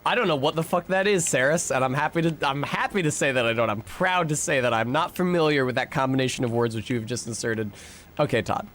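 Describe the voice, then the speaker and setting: A man's voice: medium pitch, quick pace, fairly bright tone, a little hiss or hum. A young American man streaming a game, chatting casually and swearing often while he answers his chat and rambles between fights. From United States.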